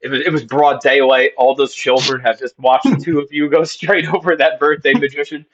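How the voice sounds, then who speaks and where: A man co-hosting a comedy video recounts an absurd story in a dry, matter-of-fact way, feeding straight lines in an improvised, deadpan mock apology. He speaks briskly at medium pitch with a level tone, over dull audio with a crowd in the background.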